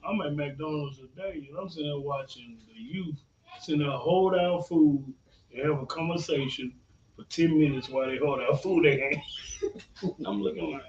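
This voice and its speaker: A man's voice: fairly high pitch, normal speed, a little mellow. A man co-hosting a casual opinion podcast, telling stories. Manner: laid-back, storytelling. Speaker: podcast co-host. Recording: roomy, distant, dull sound with faint hum.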